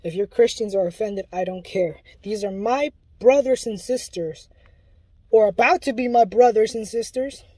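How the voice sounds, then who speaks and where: A woman's voice: medium pitch, moderate pace, a little mellow, husky, no room sound, low-quality recording. A woman giving an impassioned religious warning, pleading and urgent, often restarting her sentences.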